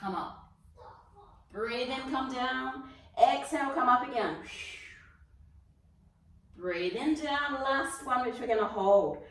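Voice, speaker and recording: Australian woman yoga instructor, fairly high voice, calm breath cues, heard from a distance in a very echoey studio. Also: slight background noise. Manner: calm step-by-step breathing cues, demonstrating while talking. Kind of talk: guided exercise class. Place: fitness studio. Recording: very echoey room, mic far off.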